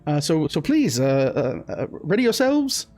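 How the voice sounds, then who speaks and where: A man voicing a fussy, excitable male merchant who stammers nervously. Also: unhurried. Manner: stammering, nervous, high-pitched.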